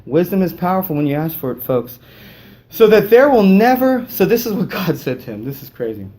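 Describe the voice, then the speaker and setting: Animated conversational preacher man. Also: fast talker. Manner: animated, conversational preaching with sudden pitch lifts. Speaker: pastor. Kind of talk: sermon.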